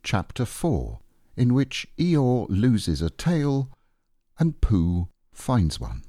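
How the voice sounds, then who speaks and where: A man reading a children's classic aloud as storybook narration, in a slow, gentle storytelling manner. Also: medium pitch, wildly swooping pitch, no echo, studio quality. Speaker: audiobook reader.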